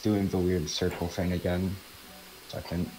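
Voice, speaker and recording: A man chatting casually during a group game session, relaxed and a bit distracted. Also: sits low, measured pace, poor audio. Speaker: gamer in a group.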